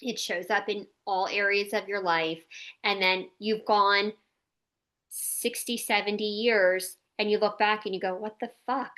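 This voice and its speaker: Bright, chatty woman podcast host. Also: medium pitch, fairly even intonation, unhurried. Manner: candid, chatty, peppered with "like" and mild swearing. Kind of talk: casual podcast chat.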